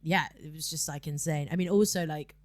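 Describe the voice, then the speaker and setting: A woman's voice: low-pitched, brisk, dry recording. A woman guest DJ chatting casually on a podcast, filling her talk with ums and repeated yeahs.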